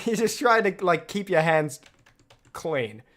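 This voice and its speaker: A man streamer with a high, slightly bright voice gives loose commentary on his own videos at a slow pace yet very animated. He rambles, laughs often and restarts constantly.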